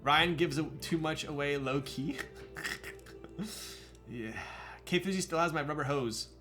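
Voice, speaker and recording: Young man streamer, slightly high voice, teasing and joking, faint music behind. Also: measured pace, sharp tone. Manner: joking, reads chat aloud, teasing. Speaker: keyboard-building streamer. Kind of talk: casual live-stream chat.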